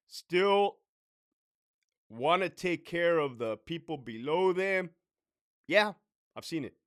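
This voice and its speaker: A man's voice: a little high, fairly bright tone, smooth, no echo, clean studio sound. A man and former prison officer who hosts his own channel, talking casually and bluntly, swearing often and tagging his points with "right?". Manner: blunt, profane, conversational, with frequent "right?" asides. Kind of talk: casual talk to camera.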